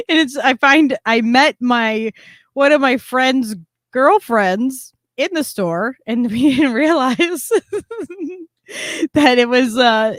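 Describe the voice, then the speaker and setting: Bubbly high-voiced woman telling a story. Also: dry recording, studio quality. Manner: bubbly, laughing, animated quoting. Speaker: podcast co-host. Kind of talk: casual storytelling chat.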